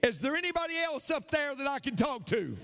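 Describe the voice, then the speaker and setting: A man's voice: very high voice, very animated, fairly quick, fairly bright tone, a little hiss or hum, voice pushed up, heavily acted. A pastor doing a scared man clinging to a cliff. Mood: desperate. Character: frightened man hanging off a cliff.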